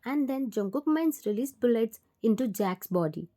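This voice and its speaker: A woman narrating a second-person fan-fiction story in a plain, steady reading voice. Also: a little high, moderate pace.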